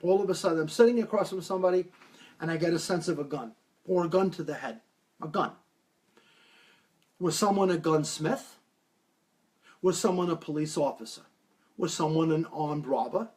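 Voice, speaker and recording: A man giving a live-stream talk as a medium, taking viewer questions and telling stories with lively acted-out quotes. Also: fairly high pitch, normal speed, long pauses. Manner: animated storytelling, acts out quoted voices.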